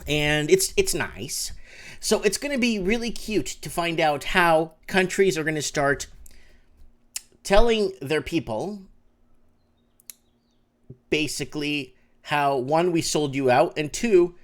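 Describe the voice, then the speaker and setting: A man hosting a live call-in show from his home, talking in an animated rant that swings between low mutters and loud outbursts. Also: takes it slowly, long pauses. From Canada. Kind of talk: excited casual live-stream rant. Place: home room with window open.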